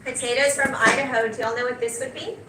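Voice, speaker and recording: A woman teacher, leading a class in a brisk, direct way and often checking in with "okay?". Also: on the high side, fairly even intonation. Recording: roomy and noisy classroom, picked up from a distance.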